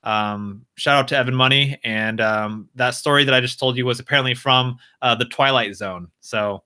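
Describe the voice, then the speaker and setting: A man casually improvising a story on a live stream, halting and repeating words with frequent fillers. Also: medium pitch, sharp tone, clear, resonant tone.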